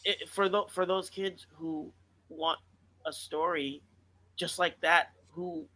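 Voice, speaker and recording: Man, author co-host, casual chat, earnest, very bright voice. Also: on the high side, steady tone, slow pace. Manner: earnest, reflective, with many fillers.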